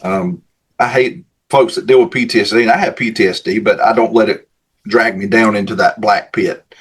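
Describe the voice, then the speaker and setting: A man with a husky, lower voice speaks as an interview guest. He talks in a measured way and slips in dry, dark humor. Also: steady tone. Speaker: guest, paramedic and pastor. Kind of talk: casual interview chat.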